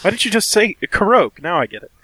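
Man, high lively voice, excitable jokey riffing, casual podcast chat. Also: racing, a loud crowd, poor audio.

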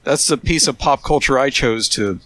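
A man's voice: medium pitch, normal speed, bright, forceful tone. A man co-hosting a casual podcast, dramatic and emphatic in his delivery. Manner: dramatic, emphatic, laughs often. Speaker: podcast co-host.

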